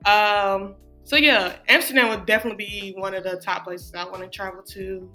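Bright, chatty woman. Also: medium pitch, steady tone, normal speed, soft background music. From Atlanta, USA. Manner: chatty, rambling, laughs often. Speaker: podcast co-host. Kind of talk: casual chat.

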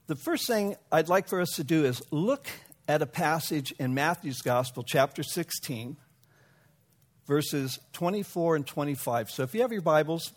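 Man preaching with a fairly high voice. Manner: storytelling, occasional self-corrections. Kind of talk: sermon.

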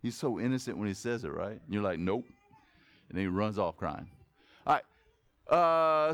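In a sermon recorded with clean studio quality and no room sound, a pastor speaks in a mid-range voice at a moderate pace. He alternates loud exclamations with soft asides, keeping it animated and conversational and asking his listeners questions.

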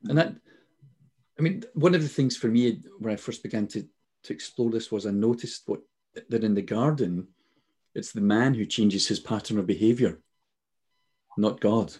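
A man in his sixties with a dark, husky voice talks over a video call. He tells his stories with energy and acts out the voices he quotes in an easygoing faith conversation. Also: on the low side, moderate pace, pauses often. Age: 60s. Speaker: guest.

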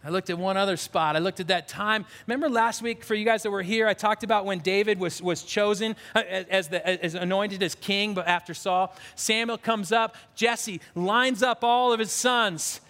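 High-voiced preacher man in a reverberant hall. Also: steady tone, moderate pace, hardly any pauses, fairly bright tone. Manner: earnest, emphatic preaching with repeated restarts. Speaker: pastor. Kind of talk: sermon. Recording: long reverb of a large hall.

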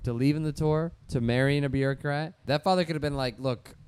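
Young man with a smooth, clear voice. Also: on the high side, darkish tone. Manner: quick, playful, riffing. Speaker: podcast co-host. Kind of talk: casual comedic chat.

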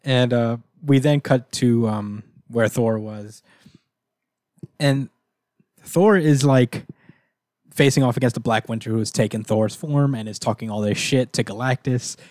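A man's voice: mid-range voice, measured pace, a little mellow, no room sound, clean studio sound. A man casually recapping a comic book issue with a co-host, laughing often, swearing, and acting out the characters' lines. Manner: laughing, profane, acts out characters in quotes.

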